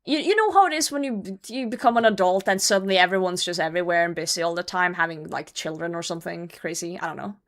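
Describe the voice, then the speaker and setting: Swearing, animated young woman streamer. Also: on the low side, quick pace, hardly any pauses. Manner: animated, swears freely, trails off into mumbles. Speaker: livestreamer. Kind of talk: casual storytelling to stream chat.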